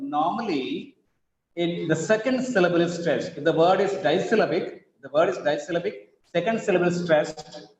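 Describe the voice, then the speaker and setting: Slow, high-voiced Indian English teacher. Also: male voice, reverberant, long reverb tail, lo-fi sound. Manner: slow, emphatic, repeats words to model stress. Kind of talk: online class lecture. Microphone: video call.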